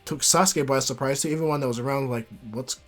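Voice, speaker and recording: A man's voice: mid-range voice, fairly even intonation, quick pace, soft background music. Man rambling through a fan story. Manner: rambling, with fillers and restarts. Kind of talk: casual improvised story narration.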